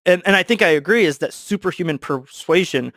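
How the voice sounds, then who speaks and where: A man speaking as a podcast guest, animated and quick, explaining with lots of fillers. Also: sits high, no echo, clean studio sound. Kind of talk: casual discussion.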